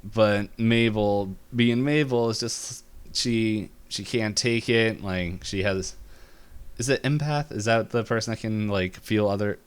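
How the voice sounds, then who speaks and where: A man's voice: on the low side, a little slow, clean tone. A young man co-hosting a podcast, recapping a cartoon episode casually and rambling with lots of "um" and "like". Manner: rambling, full of fillers like "um" and "like". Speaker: podcast co-host.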